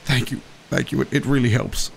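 A man's voice: mid-range voice, a little fast, vocal fry, slight background noise. A man playing a faux-royal young con man with a put-on posh British accent, prim and fussily polite. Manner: prim, overly polite, fussy exclamations. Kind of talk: roleplay in a game.

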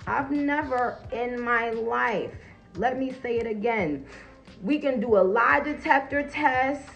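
Profane, animated woman ranting on a live stream. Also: high-pitched, rough recording. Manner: profane, animated, laughing, shouting at peaks. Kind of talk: casual live-stream rant.

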